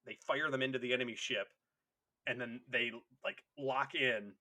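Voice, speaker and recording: A man's voice: medium pitch, steady tone, normal speed, bright, forceful tone. A man co-hosting a casual podcast chat, laughing often and swearing as he tells stories. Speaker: podcast co-host.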